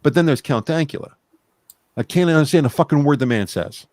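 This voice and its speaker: A man's voice: on the high side, lively intonation, brisk, darkish tone, no room sound. Rambling, blunt man on a podcast. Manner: rambling, blunt, swears freely. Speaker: podcast co-host. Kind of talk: casual chat.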